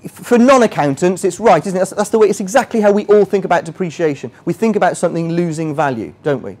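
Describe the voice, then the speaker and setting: A man's voice: high-pitched, quick pace, darkish tone. A man runs a friendly teaching session. He talks casually, keeps checking whether the room agrees, and pokes fun at himself as he explains. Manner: chatty, quizzes the audience, self-mocking asides. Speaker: finance workshop trainer. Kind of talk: interactive teaching. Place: workshop room with a live audience.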